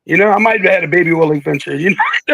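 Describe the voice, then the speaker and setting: Gravelly, high-voiced older man. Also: very fast, no echo, poor audio. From Philadelphia. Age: 60s. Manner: animated, jokey, acts out quotes with big voice jumps. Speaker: guest, veteran rapper. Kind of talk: casual storytelling interview.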